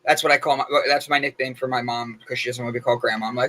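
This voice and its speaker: A man's voice: medium pitch, steady tone, racing, hardly any pauses, sharp tone, rough recording. A young man co-hosting a casual morning show, telling stories in a chatty way with lots of fillers. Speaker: co-host.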